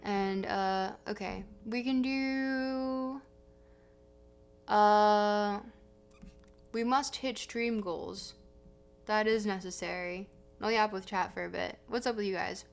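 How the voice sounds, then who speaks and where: A woman's voice: mid-range voice, fairly even intonation, takes it slowly, vocal fry, smooth. A young woman hosting a casual livestream, chatting in a rambling, self-correcting way. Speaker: livestream host. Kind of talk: casual stream chat. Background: soft guitar music.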